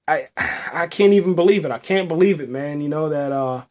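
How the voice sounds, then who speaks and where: A man's voice: on the high side, brisk, darkish tone. A man hosting a podcast, recapping a TV episode in a rambling, emotional way, restarting often and ending phrases with "man". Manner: somber, emotional. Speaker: podcast host reviewing a TV episode. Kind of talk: casual spoken episode review.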